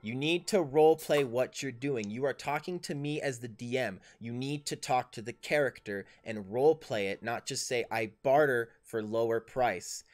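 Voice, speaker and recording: A man's voice: medium pitch, normal speed, hardly any pauses. Man coaching players as game master. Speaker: dungeon master. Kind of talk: running a tabletop game on a livestream.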